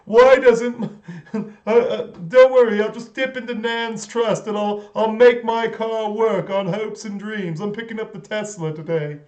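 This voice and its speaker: A man's voice: high voice, fairly even intonation, unhurried, darkish tone, lo-fi sound, pitched above the performer's own voice. A man voicing a snooty, affluent young British man in a put-on upper-class English accent, drawling and haughty.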